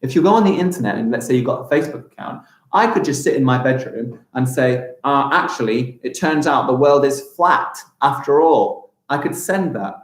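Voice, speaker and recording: Lively male teacher, echoey room. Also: mid-range voice, moderate pace. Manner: animated, exaggerated pronunciation for children. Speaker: primary school teacher. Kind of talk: live online lesson for young children.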